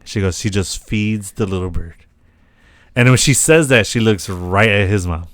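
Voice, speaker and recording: A man co-hosting a podcast, retelling a TV episode in a casual, animated way and acting out the characters' lines with plenty of swearing. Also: lowish voice, normal speed, no echo, clean studio sound. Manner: animated retelling, acts out quotes, swears a lot. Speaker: podcast co-host. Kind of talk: casual chat recapping a TV episode.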